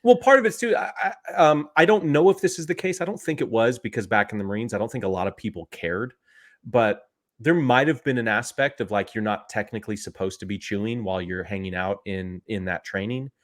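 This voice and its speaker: Low-voiced man telling a sarcastic story. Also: fairly quick. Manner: animated, sarcastic storyteller who laughs at his own stories. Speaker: podcast co-host. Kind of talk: casual chat, storytelling.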